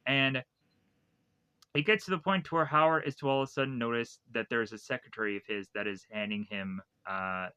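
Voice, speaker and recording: A man's voice: medium pitch, brisk, sharp tone, clear, resonant tone, no room sound. A man casually recapping a movie plot in a rambling way, full of fillers and restarts. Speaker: film reviewer.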